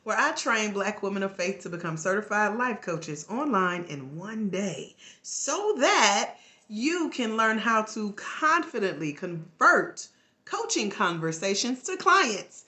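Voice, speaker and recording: A woman's voice: medium pitch, very animated, slow, bright, forceful tone. A sleepy woman with a Southern US accent, talking casually and laughing on a live stream as a life coach. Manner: drawling, laughing, chatty.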